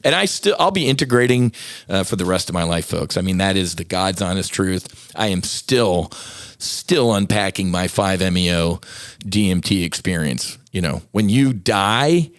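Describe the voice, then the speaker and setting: A middle-aged man hosts a podcast in a low, grounded voice. He talks candidly and builds into emphatic, passionate rants. The recording is dry and close, with no room sound. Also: no room sound. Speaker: podcast host. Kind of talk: casual solo podcast talk.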